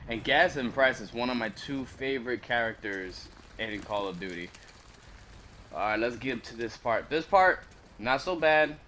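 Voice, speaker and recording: A man's voice: medium pitch, lively intonation, normal speed, a bit bright, slight background noise. A man casually commenting over a video game walkthrough, laid-back and slangy, drifting into rambling asides. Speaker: gaming commentator.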